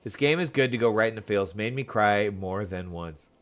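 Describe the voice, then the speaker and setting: A man's voice: on the low side, normal speed, a bit bright. A man giving casual, openly emotional commentary while he plays a story game, chatty and full of filler words. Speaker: gaming streamer. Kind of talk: casual let's-play commentary. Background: faint game music.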